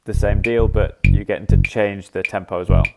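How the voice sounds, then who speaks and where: A man's voice: fairly low pitch, fairly even intonation, normal speed, gravelly, heavy background noise. A man casually demonstrating a music app on a live stream, thinking aloud and scatting rhythms. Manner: thinks aloud while clicking, scats rhythms as "da da". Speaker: app developer demonstrating features.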